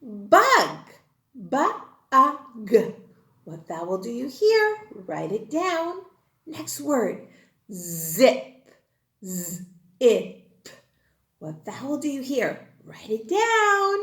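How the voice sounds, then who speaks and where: A woman's voice: high voice, huge pitch swings, slow, roomy sound. A woman teaching a recorded kindergarten phonics lesson, encouraging and sing-song as she sounds out words for the children. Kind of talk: recorded online class lesson.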